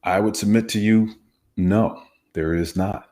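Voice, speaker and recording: A man's voice: on the low side, fairly even intonation, unhurried, dark tone. A man, a former hostage negotiator, explaining communication skills in an emphatic, instructive way during an interview. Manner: emphatic, instructive, demonstrates inflections. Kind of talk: conversational teaching interview.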